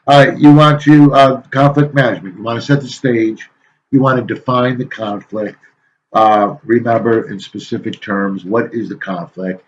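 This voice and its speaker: A male teacher giving a casual, folksy lecture to his students, rambling a little with frequent pauses and filler sounds. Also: mid-range voice, steady tone, slight background noise, rough recording.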